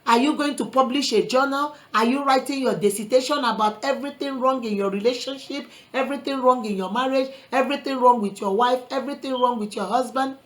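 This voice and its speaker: A woman's voice: high voice, fairly quick, few pauses, poor audio. A woman vlogger giving earnest relationship advice in a preachy motivational talk, quoting scripture and calling listeners sister and brother. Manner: quotes scripture.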